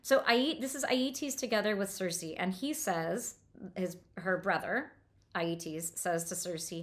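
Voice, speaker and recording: A book lecturer gives a literary talk on a novel, thoughtful and enthusiastic about the prose, with frequent restarts and fillers. Her mid-range voice is a bit bright, and she takes it slowly.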